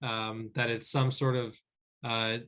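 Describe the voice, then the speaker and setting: A man, a rabbi, teaching a weekly class over a video call. He explains verses patiently, checks in with "okay?" and reads lines slowly before translating them. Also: mid-range voice, level tone, fairly bright tone.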